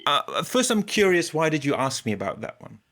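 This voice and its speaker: Measured, hesitant man hosting a podcast. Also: a little high, sing-song, fairly bright tone. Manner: measured, hesitant, with many ums. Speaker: podcast host. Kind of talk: casual chat.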